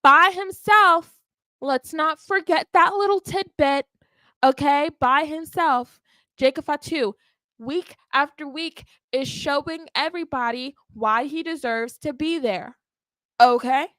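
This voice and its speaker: A woman hosting a wrestling podcast, recapping a live show in an animated, emphatic way and often checking in with "okay?". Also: sits high, unhurried, dry recording. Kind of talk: live watch-along recap.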